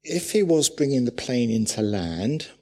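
A man delivers a sermon in a church. His voice is husky and mid-pitched. He tells animated stories and breaks into loud, urgent bursts. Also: a little slow. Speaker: preacher.

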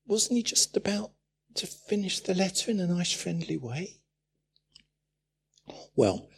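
A man preaching a sermon in a church, telling stories with animated, urgent bursts. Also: medium pitch, creaky, husky. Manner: animated storytelling with sudden loud urgent bursts.

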